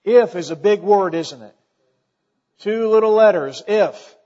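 A man's voice: high voice, a little slow, warm tone, lo-fi sound. A middle-aged man preaching a sermon in a church, folksy in tone, building emphasis and quoting scripture. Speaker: pastor.

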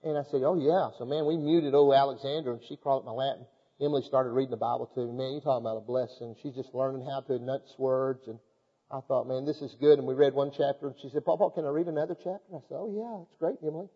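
An older man preaching a fervent sermon to a congregation, calling out to them and reading scripture aloud in a measured cadence. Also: medium pitch, fairly even intonation, slightly rough. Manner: fervent, exhorting preaching with rhetorical calls to the congregation. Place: church hall before a congregation. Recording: echoey hall, dull lo-fi sound.

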